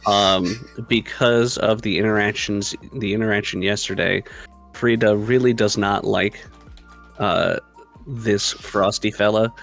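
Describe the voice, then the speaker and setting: A man's voice: lowish voice, gravelly, fairly bright tone. A man playing in a tabletop game, casually explaining his character's actions with fillers. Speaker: player.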